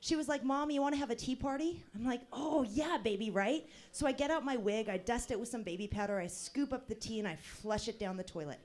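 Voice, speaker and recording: A woman's voice: a little high, brisk, hardly any pauses, darkish tone. Wry woman doing stand-up comedy. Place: open mic stage.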